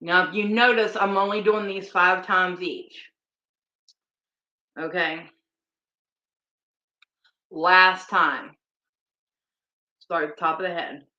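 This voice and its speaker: Woman guiding a grief meditation, kinda low voice, slow repeated affirmations, dull echoey recording. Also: fairly even intonation, bright, forceful tone. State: close to tears. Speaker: energy healing guide. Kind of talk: guided tapping meditation livestream.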